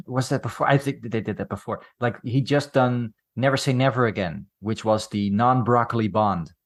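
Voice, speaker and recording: A man's voice: mid-range voice, normal speed. A man co-hosting a film podcast, chatting casually and telling rambling stories with wry, jokey asides. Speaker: podcast co-host.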